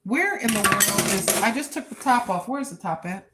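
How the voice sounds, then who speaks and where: A woman's voice: medium pitch, expressive, moderate pace, heavy background noise. An older woman talking casually and preachily while live-streaming on a walk, recorded on her phone. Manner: chatty, preachy, talks to herself. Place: outdoors on a walk.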